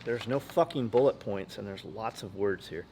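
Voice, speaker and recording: A man's voice: lowish voice, normal speed, a little mellow, slight background noise. A man hosting a podcast in casual chat, blunt and profane, rambling from story to story. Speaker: podcast host.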